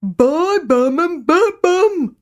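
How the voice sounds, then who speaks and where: A woman's voice: medium pitch, expressive, measured pace, vocal fry, a bit bright, full character voice. A woman voicing an older grandfather who has lost his false teeth and mumbles his words in a garbled rush. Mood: frantic. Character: frantic toothless old grandpa mumbling.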